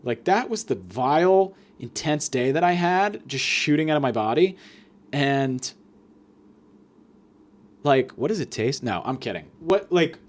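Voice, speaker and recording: Lively, profane man ranting on a podcast. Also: fairly high pitch, unhurried. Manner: profane, sarcastic, mock-angry; restless, swings between loud jabs and muttered asides. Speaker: podcast host. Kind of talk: comedic solo rant.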